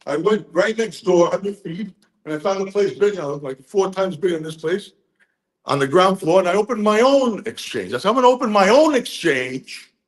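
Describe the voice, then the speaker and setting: A man's voice: sits high, normal speed, reverberant, low-quality recording. Tipsy, swearing man in his sixties. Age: 60s. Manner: profane, excitable storyteller. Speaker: conference speaker. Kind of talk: rambling speech to a crowd.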